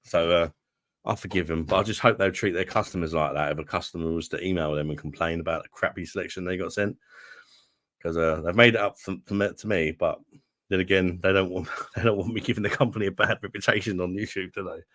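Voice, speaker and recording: A man's voice: sits low, steady tone, fast talker, a bit bright, no room sound, studio quality. A man from London with a London accent, hosting a beer livestream and bantering casually with viewers in laid-back, sweary chat. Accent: London English. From London, England. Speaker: host of a beer review livestream.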